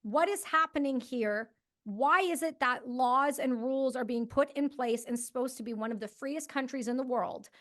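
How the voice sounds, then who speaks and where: A woman from Canada hosts a podcast interview with a high, bright voice. She talks bluntly and passionately, pressing her guest with pointed questions. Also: normal speed. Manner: blunt, impassioned, swears freely. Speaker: podcast host. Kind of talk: conversational interview.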